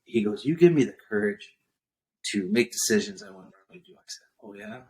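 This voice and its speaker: A man's voice: fairly low pitch, a little fast. A man, a podcast guest telling a business story and acting out what others said. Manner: animated storyteller acting out quotes. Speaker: guest entrepreneur. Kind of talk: storytelling interview chat.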